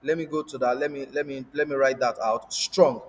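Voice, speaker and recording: A man's voice: mid-range voice, fairly even intonation, brisk, in a large hall, slight background noise, rough recording. A man teaching a coding lesson, stopping often to quiz his class with rhetorical questions and repeating key words. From Africa. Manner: repetitive, asks rhetorical "what?" prompts. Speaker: coding instructor. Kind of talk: screen-share coding lesson.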